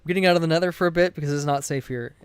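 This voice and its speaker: A man streaming a game while retelling a tabletop session he ran, rambling, swearing freely and breaking off mid-sentence. His voice sits a little high and comes through smooth and clear. The sound is close and dry. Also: racing, dry recording. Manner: rambling, profane, self-interrupting. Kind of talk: casual storytelling while gaming.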